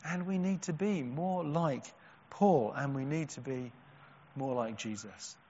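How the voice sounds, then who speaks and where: A man preaching a sermon, earnest, with strong emphatic peaks and quiet, slow, drawn-out words. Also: medium pitch, a little hiss or hum. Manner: earnest, rising to emphatic cries and dropping to hushed, slow stresses. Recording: dull sound with a long hall echo.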